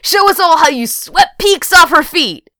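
A woman voicing a rowdy young teammate who yells out across a table. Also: extremely high pitch, lively intonation, measured pace, no echo, studio quality, pitched above the performer's own voice, exaggerated voice. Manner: yelling.

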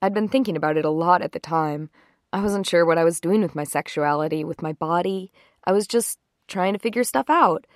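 A woman's voice: lowish voice, a little fast, dry recording, clean studio sound, close to an everyday voice. A woman voicing a nervous young woman who hesitantly confides in her boyfriend, during a story reading. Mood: confiding. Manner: hesitant, soft and confessional. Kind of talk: story reading with character voices.

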